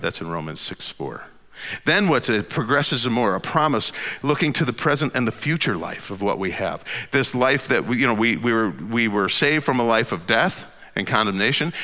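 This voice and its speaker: A man preaching a sermon, swinging between loud emphatic lines and hushed near-whispers. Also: medium pitch, in a large hall. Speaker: pastor.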